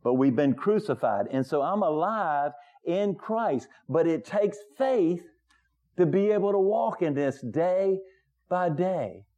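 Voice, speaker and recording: A man's voice: lively intonation, takes it slowly, muffled recording. Man preaching, voice rising on key points. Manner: conversational preaching, swells higher and louder on key points. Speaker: pastor. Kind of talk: sermon.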